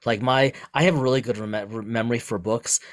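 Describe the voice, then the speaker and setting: A middle-aged man hosts a podcast in an easygoing, casual chat at a mid-range pitch. He chats freely and often drops in quick words of agreement. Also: steady tone. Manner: chatty, quick agreeing interjections. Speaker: podcast host.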